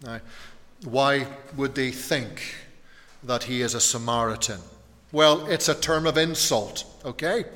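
A man preaching an evening sermon, slow and deliberate, often putting questions to his listeners. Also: medium pitch, fairly bright tone, big-room sound. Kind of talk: evening sermon on a Bible passage.

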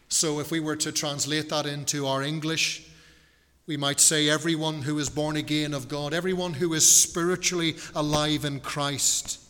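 A man's voice: on the high side, bright, forceful tone, in a large hall. A male pastor preaching a sermon in an earnest, emphatic way, repeating and stretching key words. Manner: earnest, emphatic preaching with repetition and slowed stresses. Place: church.

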